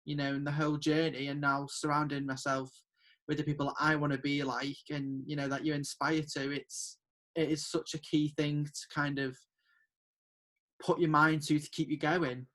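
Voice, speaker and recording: A man's voice: fairly high pitch, flat delivery, normal speed, fairly bright tone. A young man hosting an interview, speaking in a thoughtful, rambling way. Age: young adult. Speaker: host. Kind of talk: casual interview chat.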